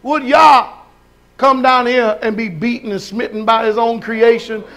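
A man preaching a sermon, animated, shouting and laughing, acting out voices. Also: extremely high pitch, unhurried.

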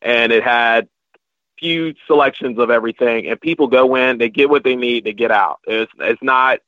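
A podcast guest with a mid-range voice tells travel stories in casual chat, rambling at a moderate pace and restarting often. The recording is dry, lo-fi, and slightly muffled, with no room sound.

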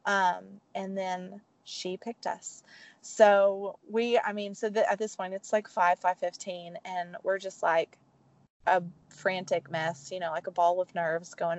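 A woman guest telling a personal story in casual talk, animated and teary, acting out the voices of others as she goes. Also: unhurried, no echo. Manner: animated, acts out quoted voices with big pitch jumps; emotional, teary. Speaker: podcast guest.

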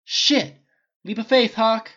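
A reader voicing a cocky, wisecracking male genius in armor who crows and complains excitably in a dull lo-fi recording. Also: medium pitch, brisk, voice pushed up. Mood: cocky excited.

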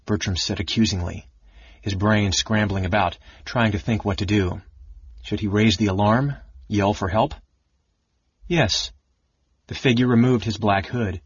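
A man reading a fantasy novel aloud as narrator, in an even, measured way. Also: lowish voice, slightly rough, no room sound, muffled recording. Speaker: audiobook narrator.

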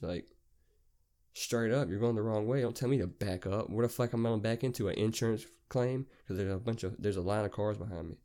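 A man's voice: fairly low pitch, fast. A man hosting a podcast, telling a long story in a rambling, profane, casual way. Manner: rambling, profane, animated retelling. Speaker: podcast host.

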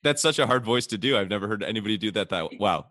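Host, man, very low voice, upbeat and giggly, dry close mic. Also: expressive, quick pace, a bit bright, dry recording. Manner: laughs often, enthusiastic. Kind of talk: casual interview chat.

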